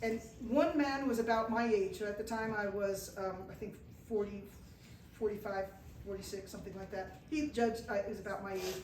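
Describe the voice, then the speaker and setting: In an event room with a small audience, a woman guest speaker recounts travel stories at a normal speed in a medium-pitched voice. She acts out the dialogue with lots of animation, and the distant mic gives a roomy sound with faint noise.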